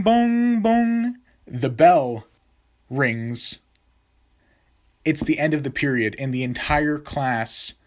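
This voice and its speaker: A young adult man telling a story from his school days in a casual, rambling way, full of fillers and restarts. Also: medium pitch.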